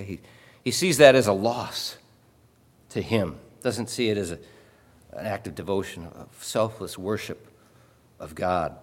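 A man preaching a sermon in a conversational way, often pausing to ask "okay?" and repeating words as he explains. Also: lowish voice. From Illinois. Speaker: pastor. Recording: long hall reverb.

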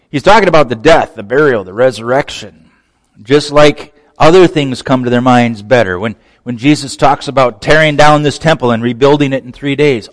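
A man preaching a sermon as pastor, animated, acting out quoted voices and dropping to near-whispers at the ends of phrases. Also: mid-range voice, moderate pace. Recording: long reverb of a large hall.

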